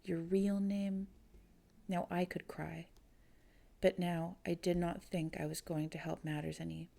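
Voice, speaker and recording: A woman narrates a short story in the first person at a calm, measured pace. Her voice is low, strongly gravelly and dark, with a mellow warmth. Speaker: audiobook reader.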